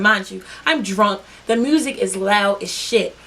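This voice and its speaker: A young woman vlogger telling a storytime tale in an animated, profane, slangy way. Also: medium pitch, unhurried, a little hiss or hum. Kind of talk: storytime vlog.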